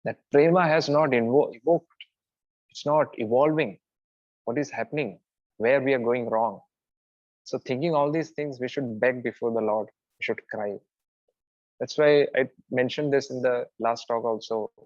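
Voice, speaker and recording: A man giving an earnest devotional talk, with soft laughs and restarts. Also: medium pitch, normal speed, no echo, highs cut off. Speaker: preacher.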